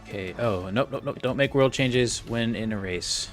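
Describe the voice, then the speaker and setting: A man's voice: medium pitch, normal speed, faint music behind. A man casually narrating as he plays and edits a game, thinking aloud and talking himself through each step. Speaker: game modder and video creator. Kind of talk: casual commentary while playing and editing a game.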